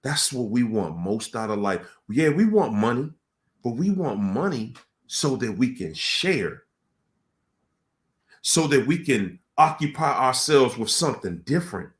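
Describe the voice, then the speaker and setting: A man giving a casual motivational talk to a room, telling stories in colloquial, animated speech. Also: mid-range voice, unhurried.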